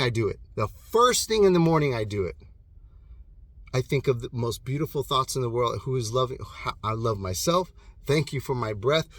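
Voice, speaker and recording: A man's voice: medium pitch, no echo. Male, 30s, motivational vlogger, dry close sound, intense and profane, volume swings hard. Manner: passionate and profane, swings between loud bursts and hushed intensity. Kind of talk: impassioned motivational monologue. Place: alone in his own private room.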